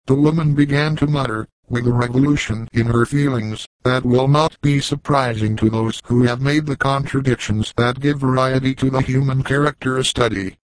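A man narrating an audiobook in a steady, measured reading, in a dry, close sound. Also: mid-range voice, dry recording, poor audio.

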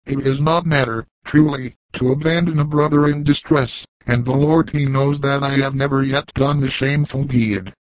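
A man's voice: medium pitch, steady tone, moderate pace, hardly any pauses, no room sound, lightly acted, poor audio. A man reading the part of a weathered old backwoods trapper, plainspoken and chiding, in a dry audiobook recording. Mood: stern.

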